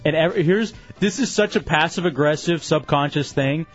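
A man's voice: fairly high pitch, fairly quick, muffled recording, faint music behind. A man hosting a radio show in casual banter, telling stories with self-mocking asides.

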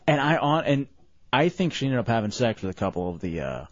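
A man hosting a radio talk show, joking crudely and pitching listener contests. His voice sits in the middle range and the sound is dry and dull, a little lo-fi. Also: big pitch swings, brisk, no echo. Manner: crude, joking, loud when announcing. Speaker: radio host. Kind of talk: casual radio banter.

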